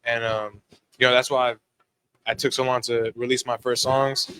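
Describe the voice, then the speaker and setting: A young man, a guest musician, telling stories on a podcast in a quick, animated way and often checking in with "right?". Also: medium pitch, clean tone, dry recording, rough recording. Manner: fast, animated storytelling with frequent "right?" tags. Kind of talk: casual podcast chat. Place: live-streamed podcast studio.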